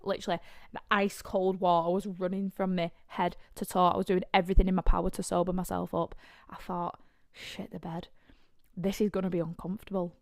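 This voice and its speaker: A young woman with a Lancashire accent, hosting a podcast and telling a blunt, sweary story with loud outbursts. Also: mid-range voice, dry recording, studio quality. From North West England. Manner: animated, sweary, blunt storytelling with shouted asides. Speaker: podcast host. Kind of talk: casual storytelling.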